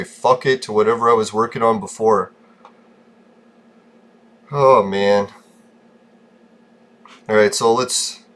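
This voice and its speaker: A man records casual commentary over a video game in a profane, easily irritated rant. His short temper shows in constant swearing and grumbling asides. His voice sits at an ordinary middle pitch. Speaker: gaming vlogger.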